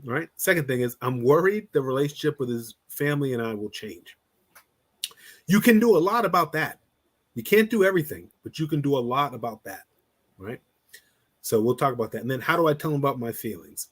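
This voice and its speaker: A man coaching on relationships in a casual podcast talk, blunt and animated, acting out little scenes and swearing freely. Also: mid-range voice, brisk.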